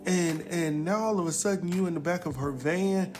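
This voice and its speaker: A man recapping a TV episode in a casual, animated way, exclaiming and chuckling as he talks straight to his viewers. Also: high-pitched, a little fast, soft background music.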